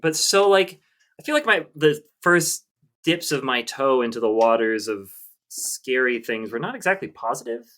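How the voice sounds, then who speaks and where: A man in his thirties telling his story at an easy, middling pitch, rambling and full of ums and likes. He circles back on himself as he talks in a casual podcast chat. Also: lively intonation, normal speed, sharp tone. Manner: rambling, hesitant, many fillers. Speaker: podcast co-host.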